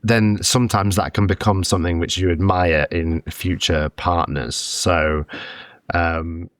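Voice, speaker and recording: A man's voice: low-pitched, unhurried, dry recording. A man co-hosting a podcast in casual chat, joking freely and cursing offhandedly. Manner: joking, animated, casual swearing. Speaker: podcast co-host.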